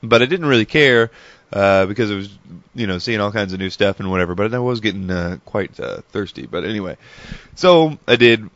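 A man's voice: fairly low pitch, expressive, brisk, fairly bright tone, no echo. A man telling meandering stories in a casual, chatty monologue full of asides. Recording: dull lo-fi dry recording.

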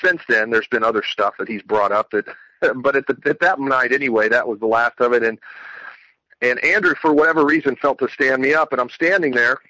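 Earnest man telling a testimony, bright voice. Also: mid-range voice, fairly quick, no room sound, low-quality recording. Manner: rambling, earnest storytelling with many restarts. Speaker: Christian speaker sharing testimony. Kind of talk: emotional personal testimony.

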